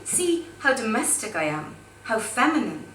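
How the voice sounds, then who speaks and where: A woman performing spoken word as a guest poet, wry and chatty between pieces, slow and deliberate in her poems. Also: fairly high pitch, sing-song, a bit bright, roomy sound, far from the mic, a little hiss or hum. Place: pub performance room.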